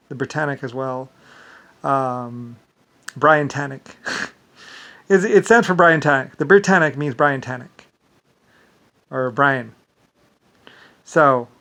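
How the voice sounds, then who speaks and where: A man's voice: mid-range voice, a bit bright. Man rambling, stumbling, swearing. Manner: repetitive, stumbling, filler-heavy; profane and indignant. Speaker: vlogger. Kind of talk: rambling monologue.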